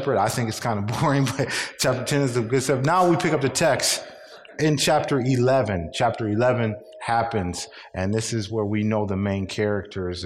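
Preaching pastor in a reverberant hall. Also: male voice, lowish voice. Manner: storytelling with voiced quotes and repetitions. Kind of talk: sermon.

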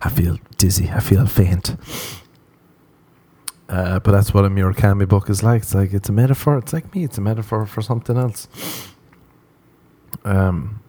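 A man's voice: lowish voice, steady tone, brisk, warm tone. A man doing a rambling, self-mocking comic monologue with a foreign accent. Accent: non-American. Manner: rambling, self-mocking, playful voices for quoted people. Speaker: comedian.

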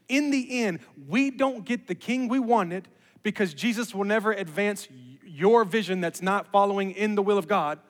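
A man preaching a sermon as pastor, animated and building to emphatic peaks. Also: high-pitched. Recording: reverberant hall with music underneath.

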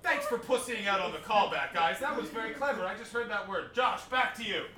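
High, bright-voiced profane man riffing live. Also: lively intonation, a little fast, echoey room, a little hiss or hum. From Canada. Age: 20s. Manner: profane, riffing on audience members. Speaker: comedy podcast host. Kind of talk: live stand-up podcast banter. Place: comedy venue with live audience.

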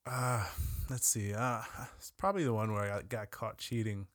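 A man's voice: on the low side, steady tone, normal speed, no echo. Brash man joking crudely, dry sound. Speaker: podcast co-host. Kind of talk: casual chat.

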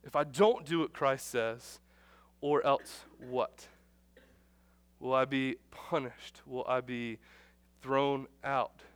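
A man in his thirties preaching a conversational sermon as pastor, casual and animated, acting out little dialogues. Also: medium pitch, slow, clear, resonant tone, dry recording.

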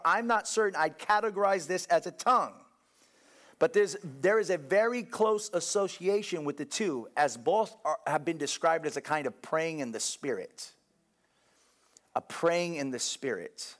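A young adult man, a pastor, giving a conversational sermon, telling a personal story with lively asides to his congregation and frequent restarts. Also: medium pitch.

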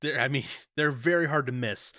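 A man's voice: mid-range voice, normal speed, bright, forceful tone, dry recording. A man co-hosting a podcast, recapping a movie in a casual chat with dry, wry humor. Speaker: podcast co-host.

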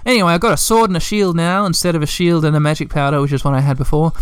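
A gaming podcast host giving playful, animated let's play commentary, full of sound effects. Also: mid-range voice, very fast, clear, resonant tone, no room sound.

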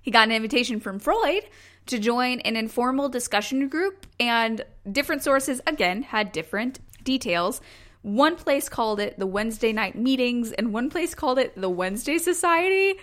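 A young woman co-hosting a casual podcast chat, animated and quick to laugh. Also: fairly high pitch. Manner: giggly, animated storyteller. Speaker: podcast co-host.

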